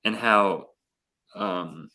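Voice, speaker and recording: A man's voice: low voice, drawn-out words, sharp tone. A man telling rambling stories in a casual podcast chat. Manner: rambling, enthusiastic storyteller. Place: Florida.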